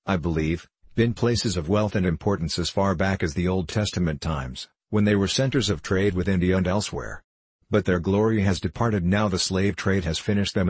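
Solemn male narrator, very low, husky, close and dry. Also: dry recording. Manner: solemn, measured storytelling. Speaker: audiobook narrator. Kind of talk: scripted narration of an adventure novel.

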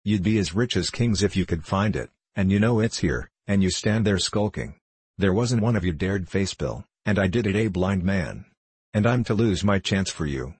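A man's voice: low-pitched, a little mellow, breathy edge, no echo. A man reading aloud, voicing a blind old pirate beggar who snarls commands and curses his crew.

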